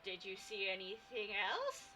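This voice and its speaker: A woman voicing a calm, curious woman who speaks in a measured, musing way in a story reading. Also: medium pitch, soft background music, heavily acted, rough recording.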